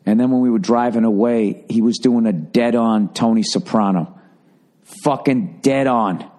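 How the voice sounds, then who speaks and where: A man's voice: mid-range voice, normal speed. A middle-aged man from the Boston area hosting a podcast, telling a rambling, profanity-laced story in a casual monologue. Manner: profane, rambling, animated when doing quoted voices. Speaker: podcast host.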